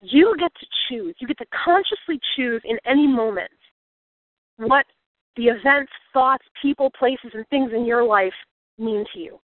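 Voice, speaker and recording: Earnest woman speaker, reflective storyteller turned life coach, fairly high voice, tinny phone-line sound. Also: moderate pace, no room sound. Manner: earnest, reflective, grows emotional. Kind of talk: personal story with motivational lesson.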